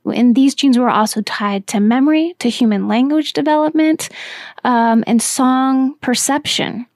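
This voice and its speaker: A woman's voice: on the high side, a little mellow, dry recording. A woman hosting her own science podcast, explaining in a casual, enthusiastic way with frequent fillers. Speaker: podcast host.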